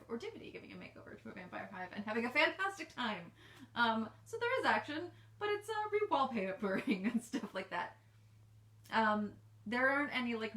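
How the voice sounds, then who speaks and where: A woman's voice: mid-range voice, fairly bright tone, roomy sound. An American woman, an author, chatting casually and rambling through a live Q&A with her readers, full of ums and restarts. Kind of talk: casual livestream Q&A. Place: home office.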